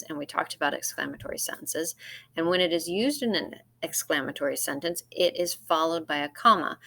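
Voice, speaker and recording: A woman's voice: sits low, gravelly, a bit bright. A middle-aged woman teacher giving a recorded grammar lesson over slides, explaining step by step in a friendly way. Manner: friendly, explaining step by step with acted example lines.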